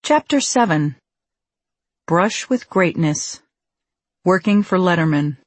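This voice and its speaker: A woman narrating her own memoir as an audiobook, with a wry, measured delivery on a close microphone. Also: lowish voice, animated, dry recording.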